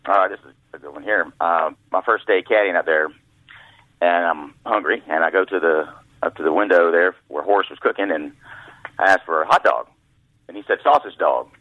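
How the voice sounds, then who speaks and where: A man with a low, husky voice tells folksy stories as a guest, slipping into other people's voices. His pitch swings widely. The line is thin and phone-like, with no room echo. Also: brisk. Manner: folksy anecdotes, acts out voices. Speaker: guest author, former caddy. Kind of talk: storytelling interview. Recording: dry tinny phone line.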